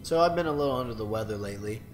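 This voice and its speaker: A man giving casual gameplay commentary, rambling and swearing, with loud mock-taunting outbursts. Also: medium pitch, expressive, very fast. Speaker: gamer. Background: loud game music and horse sounds.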